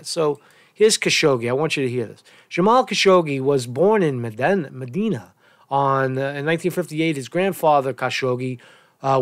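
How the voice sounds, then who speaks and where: A man's voice: fairly high pitch, no room sound, studio quality. Profane ranting man reading the news. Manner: angry, swearing, sarcastic commentary; reads news aloud then rants about it. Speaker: news commentary vlogger. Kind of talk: casual profane news rant.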